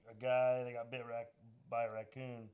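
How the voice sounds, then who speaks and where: A man's voice: mid-range voice, monotone, moderate pace, clear, resonant tone, narrow, tinny audio. A young man hosting a comedy podcast, bantering casually with jokes and lots of swearing. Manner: joking, profane banter.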